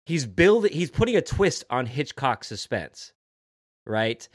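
A man's voice: mid-range voice, sing-song, slow, no room sound, clean studio sound. Enthusiastic man chatting about films. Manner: rambling, enthusiastic, swearing. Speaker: podcast co-host. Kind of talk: casual film discussion.

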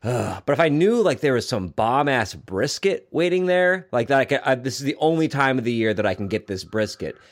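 A man co-hosting a casual podcast chat, animated and joking, swearing casually. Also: medium pitch, brisk, hardly any pauses. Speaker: podcast co-host.

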